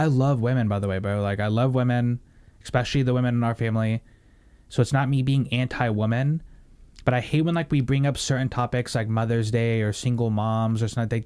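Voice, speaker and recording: A young man hosting a casual podcast chat, talking in a rambling, animated way with plenty of swearing and fillers. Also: mid-range voice. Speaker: podcast host.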